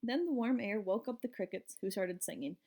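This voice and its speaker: A woman's voice: mid-range voice, a little fast, warm tone. A woman reading a children's storybook aloud, narrating expressively in first person. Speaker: audiobook reader.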